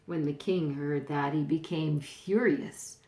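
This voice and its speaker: Grandmotherly woman reading a storybook aloud, unhurried, in an echoey room. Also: low voice, fairly even intonation. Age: older. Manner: gentle, pointing out pictures.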